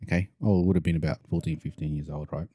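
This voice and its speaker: A man's voice: extremely low pitch, rapid-fire, husky, no room sound, clean studio sound. A young adult man, telling a story in casual podcast chat, swearing freely and acting out the voices of people in it. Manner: animated, acts out quoted voices.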